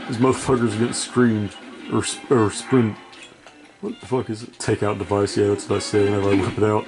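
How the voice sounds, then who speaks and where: Over music, the man talks fairly quickly in a lowish voice with little pitch movement. He makes gaming videos, and here, short on sleep, he rambles through casual gameplay commentary, swearing and putting himself down.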